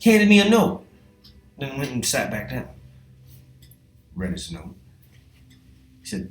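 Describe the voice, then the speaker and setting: A man telling a rambling, profane comedic story in a casual, animated way. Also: medium pitch, takes it slowly, pauses often. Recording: echoey room with faint music.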